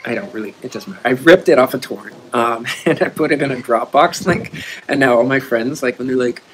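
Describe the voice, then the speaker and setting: A man's voice: mid-range voice, brisk, fairly bright tone, a little hiss or hum, rough recording. A man co-hosting a live community stream, talking in an easygoing, rambling way and laughing often. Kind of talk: casual live-stream chat.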